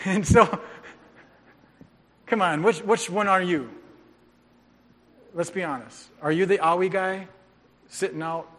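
A man's voice: high-pitched, slow, long pauses, a bit bright. A middle-aged man preaching a sermon, urging and joking like a football coach as he tells stories. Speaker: pastor. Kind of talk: sermon with storytelling. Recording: long reverb of a large hall.

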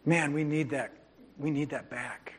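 Middle-aged male pastor, high voice, coach-style urging sermon, echoing sanctuary. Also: a little slow, slight background noise. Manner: energetic, coach-like urging and joking. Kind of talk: sermon with storytelling. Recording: long reverb of a large hall.

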